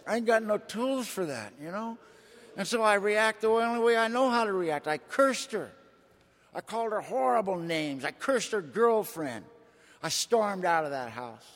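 A man's voice: high-pitched, expressive, a little slow, a bit bright. An older man speaking at a recovery meeting, with a folksy, colloquial way of talking that swells with emotion. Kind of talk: personal testimony talk. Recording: echoey hall.

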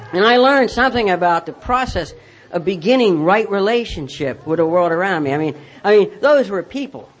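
A man's voice: high-pitched, expressive, brisk. Rambling man telling his recovery story. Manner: rambling, with many restarts and self-mocking humor. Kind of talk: personal storytelling talk.

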